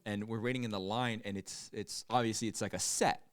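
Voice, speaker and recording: A man's voice: on the low side, fairly even intonation, brisk, dry recording, studio quality. A young man co-hosting a podcast, chatting casually, laughing often and acting out quotes as he retells a trip. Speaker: podcast co-host. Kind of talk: casual chat.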